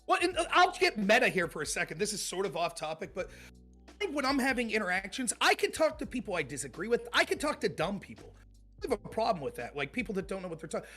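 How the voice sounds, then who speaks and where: A man's voice: sits high, fast, soft background music. A man guesting on a podcast, telling debate stories in casual talk and mimicking his opponents. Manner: animated, mimics opponents in quoted voices.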